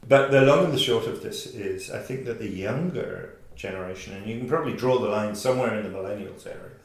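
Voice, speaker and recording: An older man in his sixties shares stories in a loose, joking chat. His voice sits a little low and laughs come easily. The sound bounces around an echoey room. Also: fast talker. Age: 60s. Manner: jokey, laughs easily, storytelling. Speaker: podcast co-host. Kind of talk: casual chat.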